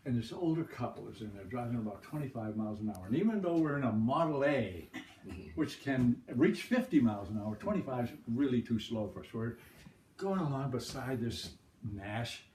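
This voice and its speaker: An older Boston-area man tells casual, rambling, folksy anecdotes, chuckling as he goes, his mid-range voice moving fairly quickly. A camera mic picks him up from across an echoey room, with constant background noise behind him.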